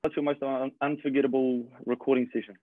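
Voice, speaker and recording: A man's voice: medium pitch, flat delivery, fairly quick, dry recording. Laid-back New man on a phone-like line. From New Zealand. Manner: laid-back, joking, short replies. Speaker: radio host. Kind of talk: casual interview.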